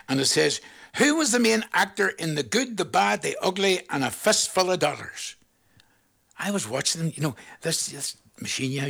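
A man's voice: medium pitch, creaky, fairly bright tone, breathy edge. Chatty Northern Irish man in his seventies. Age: 70s. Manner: chatty, jokey, rambling. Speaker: radio presenter. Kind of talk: casual radio chat with shout-outs.

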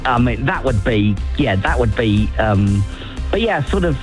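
A man's voice: mid-range voice, very animated, unhurried, faint music behind. A man chatting on a radio show, hesitant and full of fillers but eager. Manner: hesitant, enthusiastic. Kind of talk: casual radio chat.

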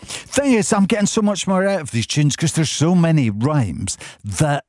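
A man's voice: fairly high pitch, sing-song, moderate pace, a little mellow, no room sound, studio quality, soft background music. A man presenting an evening radio phone-in, chatty and amused as he reads out listener messages and song lyrics. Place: radio studio. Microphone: studio microphone.

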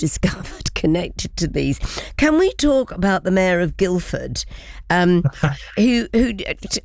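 A woman's voice: fairly low pitch, a little mellow, no echo, clean studio sound. A woman, hosting a chatty interview and laughing often. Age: 60s. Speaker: radio presenter. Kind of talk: casual interview chat.

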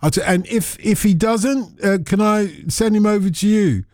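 A man's voice: high-pitched, normal speed, darkish tone, no echo. A man hosting a radio phone-in, chatting playfully with callers and rambling through restarts from a studio microphone. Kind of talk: casual radio chat with callers.

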